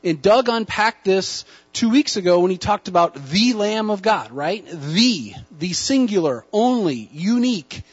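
High-voiced man preaching in church. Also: animated, slightly rough, muffled recording. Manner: conversational, folksy preaching with asides; hushed, slow prayer. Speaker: guest preacher. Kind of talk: sermon. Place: church sanctuary.

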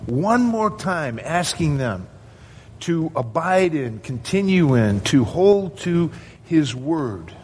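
A man's voice: fairly high pitch, big pitch swings, takes it slowly, darkish tone, a little hiss or hum. A male pastor preaching a sermon to his congregation, earnest and asking rhetorical questions.

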